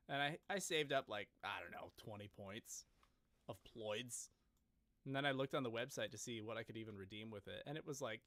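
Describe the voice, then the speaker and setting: Lively joking man streaming. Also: medium pitch, normal speed, no echo. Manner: joking, rambling, self-deprecating. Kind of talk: casual live-stream chat.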